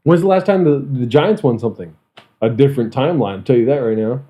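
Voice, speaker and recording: Lively-voiced joking man. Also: medium pitch, fast, dull audio. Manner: rowdy, joking, swearing, laughs often. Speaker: podcast host. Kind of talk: casual chat.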